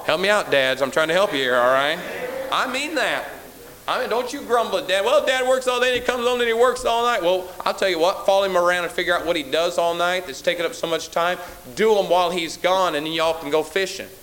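A man's voice: sits high, fairly quick, fairly bright tone, low-quality recording. Emphatic, sarcastic preacher man. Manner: emphatic, teasing sarcasm, repeats phrases for effect. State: tired. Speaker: pastor. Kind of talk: sermon.

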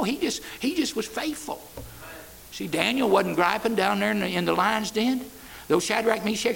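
Folksy preacher with gravelly voice. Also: male voice, sits high, poor audio. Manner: repetitive, folksy preaching with frequent "amen" and stammered restarts. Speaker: pastor. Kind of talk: sermon. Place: church.

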